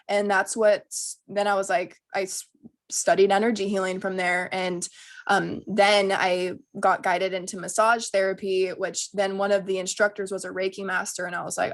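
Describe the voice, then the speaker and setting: A young woman talks casually as a guest, her voice sitting at an ordinary pitch. She tells her story in a loose, chatty way, full of ums and soft laughter. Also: normal speed. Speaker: guest, energy healer.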